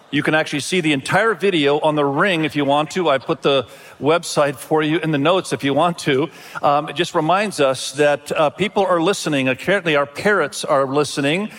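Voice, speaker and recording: A man's voice: a little high, fairly bright tone. A male pastor giving a sermon in a friendly, conversational storytelling manner. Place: church auditorium. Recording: long reverb of a large hall.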